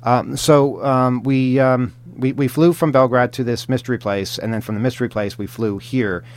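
A man's voice: mid-range voice, steady tone, normal speed, no room sound. A man co-hosting a podcast, telling travel stories in casual chat, rambling with many fillers and restarts and chuckling often. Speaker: podcast co-host.

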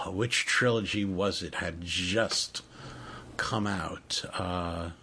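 A middle-aged man hosting a radio interview, talking in a rambling, halting way with many fillers. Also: low voice, fairly even intonation, bright, forceful tone, a little hiss or hum. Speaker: radio host.

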